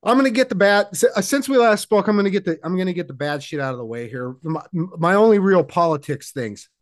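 A man co-hosting a casual podcast, making wry deadpan quips. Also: sits high, fast. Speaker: podcast co-host. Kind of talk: casual chat.

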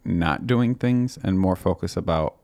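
Deep-voiced laid-back podcast host. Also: male voice, unhurried, a little mellow, no room sound. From US Midwest. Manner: laid-back, laughs often, rambling asides. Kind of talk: casual podcast chat.

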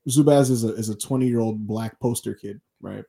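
A man co-hosting a wrestling podcast in casual chat, telling stories animatedly and doing quick voices for the people he quotes. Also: fairly low pitch, vocal fry, mellow. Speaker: podcast co-host.

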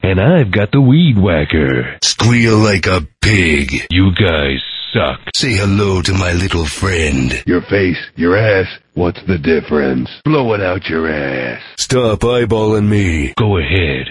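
Swaggering game action hero, deep gruff voice, slow drawled taunts, dry sound. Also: male voice, animated, dry recording, full character voice. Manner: gruff swaggering one-liners. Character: cocky macho male action hero.

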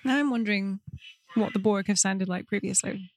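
A woman's voice: medium pitch, moderate pace, a little hiss or hum, poor audio. A woman co-hosting a casual movie watchalong, chatting and asking teasing questions about what is on screen. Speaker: podcast co-host.

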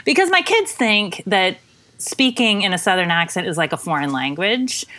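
A woman's voice: mid-range voice, sing-song, normal speed, bright, forceful tone. A middle-aged woman pastor chatting casually as a podcast guest, playful and laughing often.

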